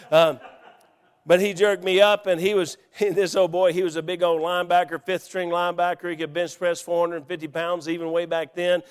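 A middle-aged man telling a story from the pulpit in a folksy, animated way and acting out the quotes. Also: fairly high pitch, smooth. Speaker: preacher. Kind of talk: storytelling sermon. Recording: long hall reverb.

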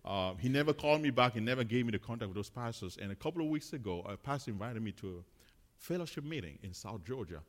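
A man, a missionary, sharing testimonies in church in a chatty, halting way with many fillers. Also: mid-range voice, expressive, long reverb tail. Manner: chatty, many fillers and restarts, laughs often.

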